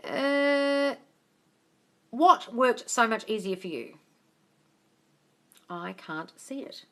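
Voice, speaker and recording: A woman's voice: a little high, very slow. A woman coach answering live-stream comments, blunt and sweary, calling viewers darling. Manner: bursts into loud excited cheers.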